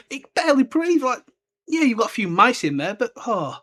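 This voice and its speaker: A man's voice: very high voice, big pitch swings, fairly quick. A young man hosting a podcast, chatting casually and rambling with lots of filler words. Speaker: podcast host. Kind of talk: casual solo book discussion.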